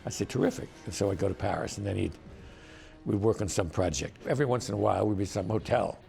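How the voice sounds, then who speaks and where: A man's voice: lowish voice, fast, gravelly, a little mellow, faint music behind. An older man, a screenwriter, telling amused, wry anecdotes in a documentary interview.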